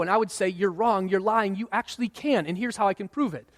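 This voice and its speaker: A man in his thirties preaching a sermon in a relaxed, conversational way, sometimes acting out what people say. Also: high voice, fast talker, hardly any pauses. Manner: conversational preaching, acts out quoted voices. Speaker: pastor. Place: church sanctuary. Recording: long hall reverb.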